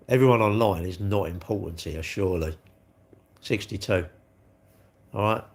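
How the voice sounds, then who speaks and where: A man, chatting casually on a live stream, rambling and blunt as he answers comments. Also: on the low side. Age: 60s.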